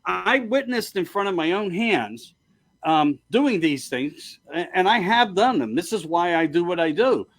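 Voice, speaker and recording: Eager high-voiced male show host. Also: sing-song, fairly bright tone. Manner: eager, quick to chime in, talks in loose run-on sentences. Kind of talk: casual interview chat.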